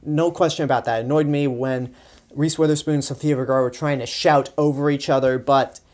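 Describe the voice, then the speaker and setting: A man's voice: medium pitch, fairly even intonation, fairly quick, a little mellow. Young man ranting a film review. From Texas. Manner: exasperated, sarcastic, rambling with restarts. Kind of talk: casual spoken movie review.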